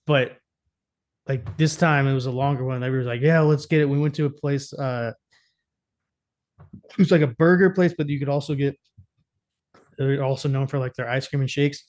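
A man's voice: mid-range voice, steady tone, fairly quick, pauses often, darkish tone. A young man telling stories in a casual, profane chat and laughing often.

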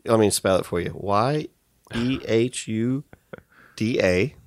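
A man's voice: on the low side, slow pace, dry recording, studio quality. A man telling a profane comic story in a loose, crude, casual way. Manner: loose, crude, swearing, animated.

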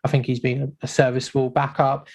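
A man in a casual football podcast chat, giving measured opinions and hedging often. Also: mid-range voice, completely flat delivery, a little mellow. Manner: measured, hedging with repeated "I think".

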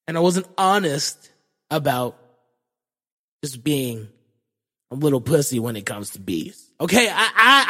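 A young man tells a comic monologue in a fairly high voice, swearing freely and mocking himself. He talks in an animated way, and long reverb rings behind his voice. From Florida, USA. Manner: profane, animated, self-mocking. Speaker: podcast host. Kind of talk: comedic storytelling monologue.

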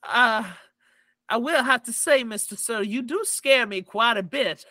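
A man's voice: extremely high pitch, unhurried, bright, forceful tone, no echo, pitched above the performer's own voice, exaggerated voice. A man doing a prim halfling lady reporter. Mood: flustered. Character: prim halfling woman reporter, nervous and fussy.

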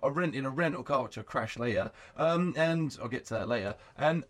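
A man in his thirties, a garage owner, telling his story in an animated, profane, casual way and acting out the voices of people he quotes. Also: mid-range voice, normal speed.

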